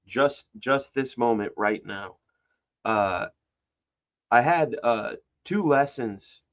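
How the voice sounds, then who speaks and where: A mid-pitched man chats loosely on a podcast, spinning stories with bursts of energy and plenty of swearing. He acts out other people's lines as he talks. The audio is a little dull and lo-fi. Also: slow. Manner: animated storyteller, swears, acts out quotes. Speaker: comic book artist guest. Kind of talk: casual podcast conversation.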